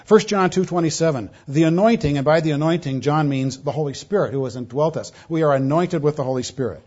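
A man's voice: on the high side, fast, darkish tone. A man preaching a sermon, emphatic and full of rhetorical questions, pressing his points hard. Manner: emphatic, rhetorical questions, shifts pace for stress. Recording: dull lo-fi sound.

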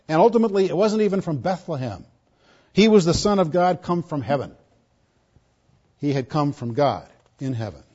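Male pastor, higher-pitched, emphatic sermon delivery with loud-soft swings; muffled lo-fi audio. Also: breathy edge. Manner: emphatic, swinging between loud stresses and quiet asides. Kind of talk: expository sermon.

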